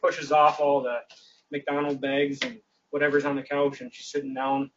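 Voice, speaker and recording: Animated man telling a story, distant mic. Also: mid-range voice, moderate pace, a little hiss or hum. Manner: animated, laughs through his story, acts out quoted voices. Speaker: guest. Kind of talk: casual storytelling on a livestream. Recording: distant, dull livestream audio.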